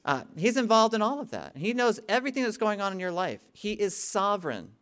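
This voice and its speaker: A man's voice: sits high, very animated, fairly quick, fairly bright tone, clean tone. Man preaching with emphatic rises. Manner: conversational preaching, rising to emphatic peaks; frequent "okay?" check-ins with the congregation. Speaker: pastor. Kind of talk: sermon.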